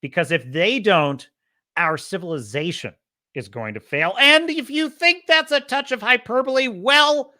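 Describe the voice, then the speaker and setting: A man hosting a casual livestream podcast, opinionated and animated, sliding into heated ranting about culture and movies. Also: high-pitched, a little slow. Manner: imitates radio DJ cadence. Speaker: podcast host.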